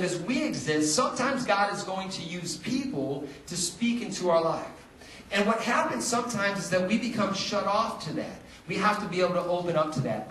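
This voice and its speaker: High-voiced pastor preaching in an echoey church. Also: male voice, a little hiss or hum. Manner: lively, animated storytelling with acted-out dialogue. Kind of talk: sermon with storytelling. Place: church sanctuary. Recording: roomy, distant church recording.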